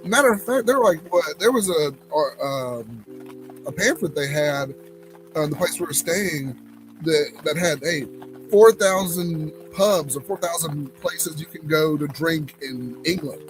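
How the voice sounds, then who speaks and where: A man's voice: a little high, slow, over music, low-quality recording. A young man with a Southern US accent, hosting a casual cigar livestream and telling rambling stories full of fillers and restarts. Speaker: cigar lounge livestream host.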